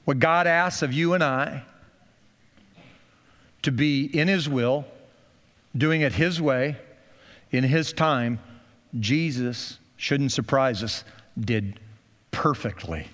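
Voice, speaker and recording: Slow-paced preaching man in a reverberant hall. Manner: rises to fervent higher preaching, then hushed prayer. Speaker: pastor. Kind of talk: sermon. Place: church sanctuary. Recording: long hall reverb, soft guitar behind.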